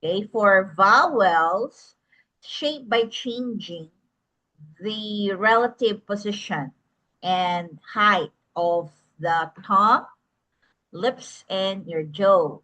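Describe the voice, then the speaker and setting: Slow-talking woman lecturer. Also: medium pitch, bright, forceful tone. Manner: tags most phrases with "okay?", addresses students as "guys". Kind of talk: online class lecture. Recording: dull lo-fi recording.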